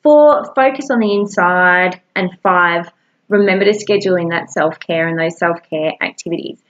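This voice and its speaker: A woman's voice: on the low side, normal speed. Chatty encouraging woman, slightly dull sound. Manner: chatty, encouraging, with self-talk asides. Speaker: wellness coach. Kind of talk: casual self-help talk to camera.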